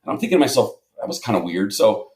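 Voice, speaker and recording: A man, a guest on a podcast, telling anecdotes in quick, animated, casual speech, often repeating words as he starts sentences. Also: lowish voice, echoey room. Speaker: podcast guest, radio and esports producer. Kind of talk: casual storytelling.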